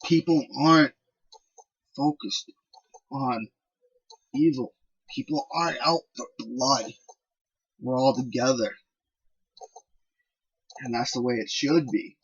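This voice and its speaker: A man voicing a brooding male wrestler who speaks quietly and cryptically. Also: medium pitch, fairly even intonation, takes it slowly, pauses often, breathy edge, dull audio.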